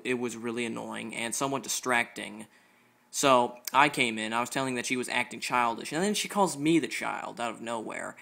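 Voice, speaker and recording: Gravelly young man ranting a story. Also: medium pitch, pushed and bright. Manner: ranting, profane, exasperated. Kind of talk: casual storytelling.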